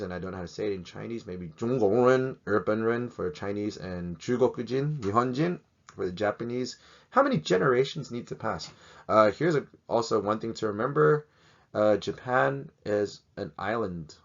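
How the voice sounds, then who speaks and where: A man's voice: lowish voice, creaky, a bit bright. A man teaching a casual video lesson, joking and rambling as he poses question after question, in a slightly dull lo-fi recording.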